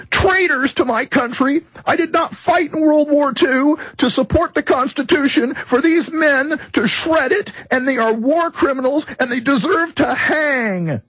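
A man's voice: extremely high pitch, fairly bright tone, no echo, pitched above the performer's own voice, heavily acted, low-quality recording. A man voicing a frail 82-year-old male war veteran, shaken and indignant, his voice breaking near tears. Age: older.

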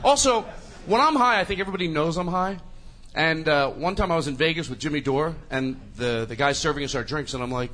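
A man's voice: fairly high pitch, quick pace, a little hiss or hum. A man doing a rambling stand-up routine, laughing at his own jokes. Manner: rambling, giggly, animated. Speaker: stand-up comedian.

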